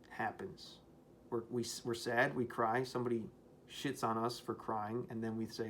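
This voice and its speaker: A man's voice: medium pitch, flat delivery, a little slow, a bit bright, slight background noise. A man giving a casual, rambling spoken rant to camera, profane and full of fillers. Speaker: vlogger.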